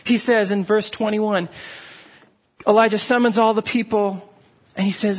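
A man preaching a sermon, telling a story with many restarts and fillers, and dropping to a low, quiet voice for emphasis. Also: fairly even intonation, normal speed, long pauses. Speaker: pastor.

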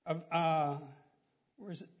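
A middle-aged pastor preaches in a relaxed, folksy way, chuckling as he goes. His voice sits high and has a husky edge. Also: slow pace. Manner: chatty, folksy, laughs at own stories, many restarts. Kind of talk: casual conversational sermon.

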